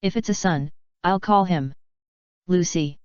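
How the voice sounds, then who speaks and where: A woman voicing a flustered, hot-tempered young woman wizard in an even, flat read. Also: fairly low pitch, measured pace, clear, resonant tone, dry recording, muffled recording, lightly acted.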